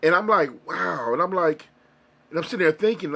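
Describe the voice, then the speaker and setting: A man's voice: fairly high pitch, lively intonation, fairly quick, vocal fry, fairly bright tone. A man being interviewed, telling a personal story in an earnest, rambling, emotional way with frequent restarts. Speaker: interview guest, music reaction creator. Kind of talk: casual interview conversation.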